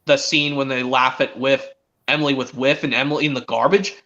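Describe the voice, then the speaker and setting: A man hosting a stream, chatting excitedly as a fan and rambling with frequent restarts. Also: fairly high pitch, fairly quick. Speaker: stream host. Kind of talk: casual fan chat. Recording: dull lo-fi stream audio.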